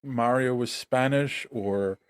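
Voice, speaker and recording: A man's voice: mid-range voice, takes it slowly, smooth, no echo, clean studio sound. A man co-hosting a podcast, casually introducing topics and talking through his take. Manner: conversational, restarts, sets up topics. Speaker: podcast co-host. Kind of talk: casual chat.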